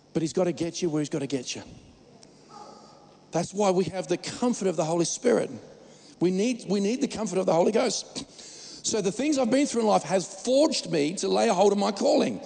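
A man's voice: high voice, lively intonation, moderate pace, vocal fry, dark tone, big-room sound. A man preaching a sermon as pastor, emphatic and joking, often restarting his words.

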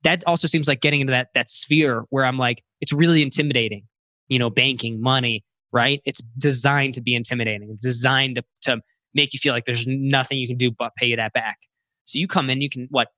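Fast-talking bright-voiced male interviewer. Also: medium pitch, no room sound. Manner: quick, chatty, agreeing. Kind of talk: casual interview talk.

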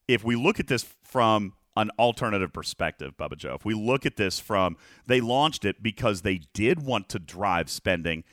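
A man's voice: fairly low pitch, fairly bright tone, no room sound, clean studio sound. A man co-hosting a casual gaming podcast, reading viewer comments aloud and talking emphatically, often checking in with "okay?". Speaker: podcast co-host.

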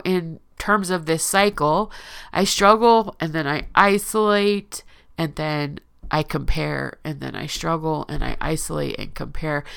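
A woman with a smooth, resonant voice pitched a little low talks straight to her audience in a personal, confessional monologue. She is earnest and emotional, and often stops to restart or correct herself mid-sentence. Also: a bit bright.

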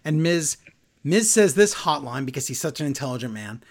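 Man, fairly high voice, casual co-host, animated, slips into mock voices for quotes. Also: moderate pace. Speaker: podcast co-host recapping wrestling. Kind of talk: casual chat.

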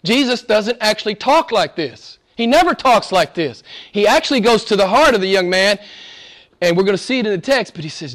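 A male pastor preaching a sermon, emphatic, swinging between loud exclamations and hushed asides. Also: sits high, animated, moderate pace.

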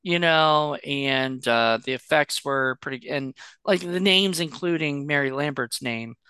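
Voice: medium pitch, measured pace, sharp tone, clean tone, dry recording. Rambling podcast co-host, dry sound. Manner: rambling, many fillers and restarts. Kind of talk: casual movie-review chat.

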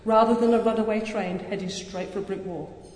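A woman's voice: medium pitch, fairly quick. Earnest woman speaking in an echoey hall. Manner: earnest, energetic, with self-deprecating humor and restarts. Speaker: burns surgeon giving a public talk. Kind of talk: public speech. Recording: echoey hall with long reverb.

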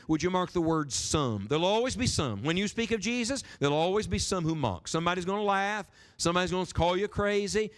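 A man pastor preaching a sermon, animated and emphatic, rising and dropping his voice for stress. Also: high-pitched. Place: church sanctuary. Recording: sermon with long hall reverb.

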